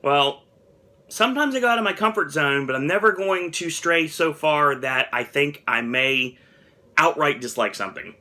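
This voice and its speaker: Bright-voiced man reviewing snacks. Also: on the high side, lively intonation, moderate pace. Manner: chatty, candid, mildly dramatic about flavors. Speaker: food review vlogger. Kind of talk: casual taste-test commentary.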